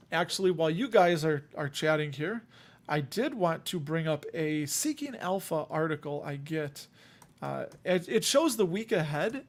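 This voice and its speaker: Male livestream host, slightly higher voice, casual and self-mocking. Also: gravelly. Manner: chatty, self-deprecating, reads out lists.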